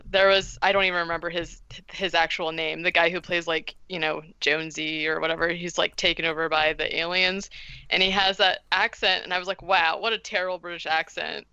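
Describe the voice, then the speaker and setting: A woman co-hosting a podcast, telling stories in an animated, giggly way. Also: on the low side, clear, resonant tone, no room sound, dull audio. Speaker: podcast co-host. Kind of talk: casual film-review chat.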